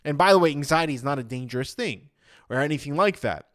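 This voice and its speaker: A man's voice: a little high, lively intonation, fast, fairly bright tone. A man talking casually as an anxiety coach, retelling his own past thoughts in a chatty way. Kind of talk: casual motivational talk.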